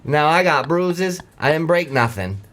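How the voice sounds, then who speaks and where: A man's voice: on the high side, animated, a little slow, a bit bright. A man doing a cussing Maine lobster diver. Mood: blustery. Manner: profane rambling storyteller. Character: foul-mouthed male Maine lobster diver, blustery.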